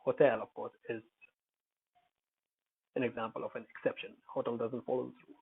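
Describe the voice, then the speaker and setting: A man's voice: medium pitch, flat delivery, normal speed, creaky, breathy edge. A man teaching English pronunciation in an unscripted lesson, hesitant, with many fillers and self-corrections. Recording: tinny phone-like audio.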